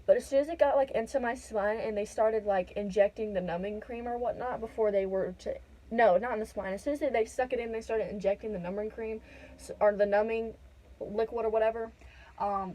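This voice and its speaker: A woman's voice: fairly high pitch, darkish tone, rough recording. A young woman casually telling her birth story in a vlog, rambling with lots of fillers. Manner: rambling, many "like" and "whatnot" fillers.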